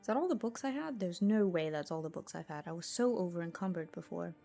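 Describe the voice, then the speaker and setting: A woman's voice: on the low side, animated, fast, gravelly, dark tone. A woman streamer giving casual gameplay commentary, thinking aloud to herself in a chatty way and laughing easily. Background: faint music.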